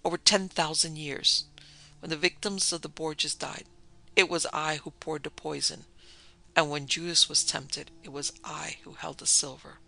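A man's voice: fairly high pitch, level tone, normal speed, gravelly, full character voice. A man voicing a cunning witch woman. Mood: sinister. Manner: soft purring menace. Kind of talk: storybook reading.

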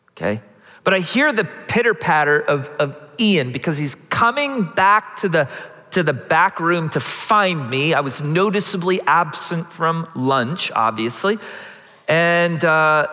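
A pastor in his thirties preaches a sermon with a high, bright voice that moves at an unhurried pace. He tells a personal story and then swells into passionate calls to the congregation. His voice rings through a large sanctuary with a long hall reverb. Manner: storytelling, building to impassioned preaching.

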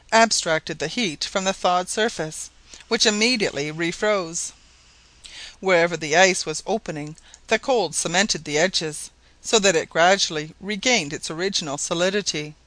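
A man narrating an adventure novel aloud in a steady, clear reading. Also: high-pitched, dry recording. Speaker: audiobook narrator. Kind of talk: scripted narration.

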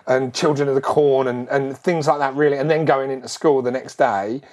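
Animated man telling stories. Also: mid-range voice. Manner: animated, rambling, quick asides. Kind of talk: casual storytelling.

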